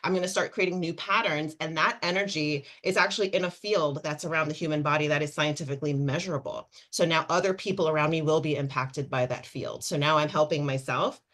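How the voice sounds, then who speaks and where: A woman coach on a webinar panel who talks with excited, animated energy, explaining quickly and piling on examples. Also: sits low.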